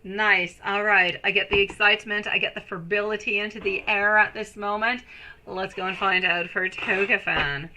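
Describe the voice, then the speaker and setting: A woman's voice: mid-range voice, fairly even intonation, normal speed, sharp tone, a little hiss or hum, rough recording. A woman in her thirties giving a live tarot reading, chatty and rambling, greeting viewers by name and calling them sweetie and my love. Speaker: tarot reader.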